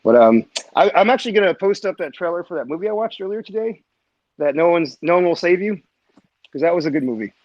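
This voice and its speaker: A man's voice: high-pitched, animated, fast, no echo. Chatty man on a muffled line. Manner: chatty, rambling, fillers and restarts. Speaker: group audio chat participant. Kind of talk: casual chat.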